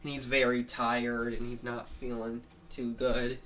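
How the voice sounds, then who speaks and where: A man slowly and casually retelling a made-up story, rambling through restarts and fillers with small laughs between. His voice sits at an ordinary pitch, and faint background noise runs under it. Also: flat delivery, a bit bright.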